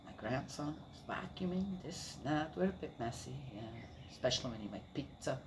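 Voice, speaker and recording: An older woman with a low-sitting voice chats casually about her family, her intonation lively and her pace moderate, with noise in the background. She's a grandmother rambling through family stories, warm and laughing, leaning on the same fillers again and again.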